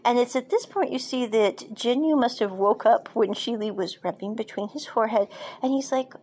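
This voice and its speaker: A woman's voice: fairly high pitch, moderate pace, a little mellow, breathy edge. Chatty woman podcast host. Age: adult, parent. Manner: chatty, laughs often, frequent asides. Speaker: podcast host reviewing a drama series. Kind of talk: casual recap and review.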